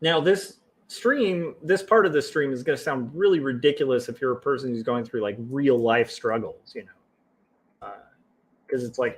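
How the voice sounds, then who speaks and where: A livestreaming comic artist with a mid-range voice talks at normal speed to his viewers while working on comics. He's wry and self-mocking, tossing out offhand jokes and drifting into jokey quoted voices.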